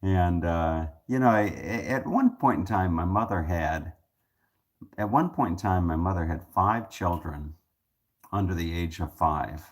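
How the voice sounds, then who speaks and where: A man's voice: deep voice, measured pace. A man talking casually to his viewers in a rambling monologue, with many restarts, repeated words and joking asides. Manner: joking, self-amused asides. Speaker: vlogger.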